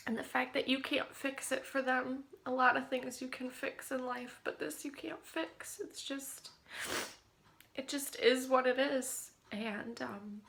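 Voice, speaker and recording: Speaking to the camera in a personal video diary, a woman describes caring for her sick husband. Her high, bright, gravelly voice holds a steady tone at a measured pace. She is emotional and frequently drops to almost a whisper.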